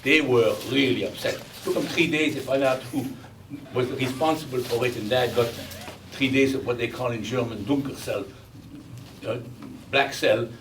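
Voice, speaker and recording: A man's voice: mid-range voice, moderate pace, a bit bright. A man in his eighties with a Belgian accent, giving a chatty, joking speech to an audience as a veteran guest speaker, stressing his points by repeating them. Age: 80s. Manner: chatty and joking, with emphatic repetition. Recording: distant mic with faint background noise.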